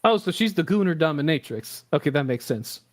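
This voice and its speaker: A man's voice: on the high side, expressive, a little fast. A man hosting a casual podcast, rambling and joking with lots of swearing. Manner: rambling, profane and jokey. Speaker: podcast host.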